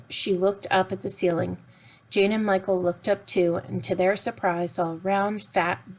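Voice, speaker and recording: A woman reading a children's storybook aloud in a gentle, expressive way. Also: on the low side, rough recording. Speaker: narrator.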